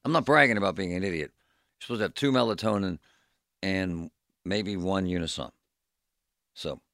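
Deep, low-pitched man with a forceful, edgy tone, ranting through a story on a radio talk show. He talks in an animated, worked-up way. The studio mic sound is dry and close. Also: normal speed, no room sound. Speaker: radio co-host. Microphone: studio microphone.

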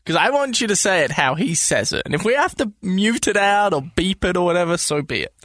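A man co-hosting a podcast, chatting casually with quick, teasing interjections. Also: high voice, animated, a bit bright, no room sound, studio quality. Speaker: podcast co-host.

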